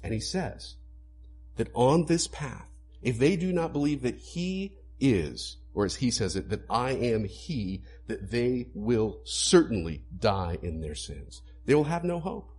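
A man preaching a sermon to a congregation, animated, acting out quoted lines as he explains. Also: medium pitch, measured pace, faint music behind. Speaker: pastor.

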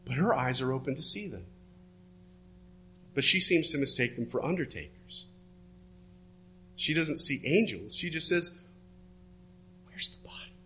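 A man preaching a sermon, retelling a story and dropping his voice low and soft for the quoted words. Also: slight background noise. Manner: storytelling, drops to hushed tones for quoted words.

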